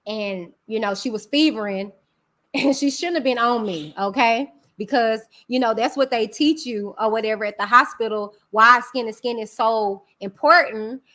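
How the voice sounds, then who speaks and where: Calling her audience y'all, the host of a live stream channel talks candidly and emphatically. Her voice is fairly high in pitch and a little bright.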